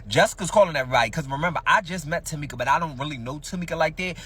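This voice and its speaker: A man's voice: a little high, expressive, racing, sharp tone, breathy edge, distant mic. A man telling a dramatic first-person story in casual, slangy, profane speech, talking straight to his listeners.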